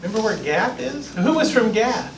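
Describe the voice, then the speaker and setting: Playful and animated, a pastor performs the dialogue of biblical figures while teaching a relaxed Bible class. His voice sits high and moves at an ordinary pace. There's a little hiss or hum, plus room echo from a far-off mic.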